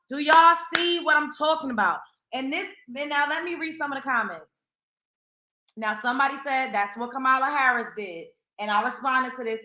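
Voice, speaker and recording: New woman ranting on her commentary show, cusses a lot, bright sharp voice, echoey room. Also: a little high. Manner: blunt, profane, fired-up rhetorical questions. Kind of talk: reaction commentary.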